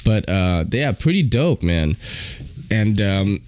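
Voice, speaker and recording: A man's voice: on the low side, very animated, takes it slowly, darkish tone, clean tone, no echo. A man hosting his own podcast in casual chat, laid-back and enthusiastic, often dropping "man" and "you know". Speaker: podcast host.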